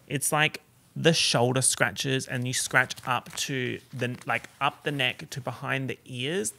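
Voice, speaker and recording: An Australian man hosting a solo podcast, chatting in a camp, sassy, expressive way with big swings in pitch. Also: creaky, dry recording. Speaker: podcast host. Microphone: podcast microphone.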